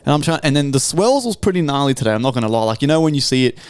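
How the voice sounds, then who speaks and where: A young man with an Australian accent tells a rambling story, swearing constantly and leaning on slang. His voice sits at an ordinary middle pitch. The recording is close and dry, with no room sound. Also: very fast, smooth, no room sound. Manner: profane, animated storytelling with heavy slang. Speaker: podcast co-host. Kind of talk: casual chat.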